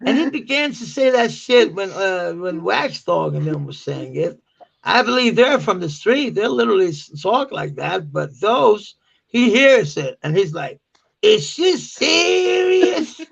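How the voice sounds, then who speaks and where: A Danish-native man in his forties chats casually on a live stream with a high, gravelly voice and an unhurried pace. He laughs and swears freely and mocks slang in loud, squeaky quotes. The stream audio is dull and lo-fi. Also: very animated. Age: 40s.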